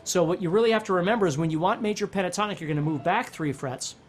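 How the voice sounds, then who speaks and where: A man's voice: high voice, fast, slight background noise. A man giving a casual guitar lesson, explaining step by step and checking in with the viewer as he goes. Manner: explanatory, checks in with "okay?" and "right?". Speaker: guitar instructor. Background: guitar playing.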